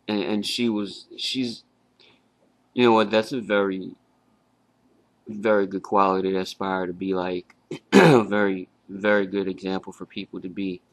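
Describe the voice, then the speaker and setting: Young man, very low gravelly voice, flat and halting, dry close recording. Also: no echo. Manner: halting, with fillers and restarts. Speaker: grieving grandson. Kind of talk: casual personal tribute.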